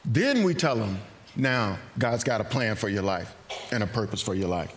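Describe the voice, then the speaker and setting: A man preaching a sermon in a church, earnest and animated, acting out hesitant asides. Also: fairly low pitch, normal speed, a little hiss or hum. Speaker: pastor. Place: church sanctuary.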